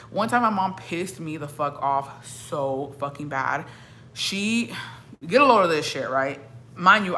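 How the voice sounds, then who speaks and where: A young woman from a Mexican-American family talks to her viewers in a fairly low voice with a sharp tone, blunt and full of profanity. She code-switches between English and Spanish, with a slight hiss or hum in the background.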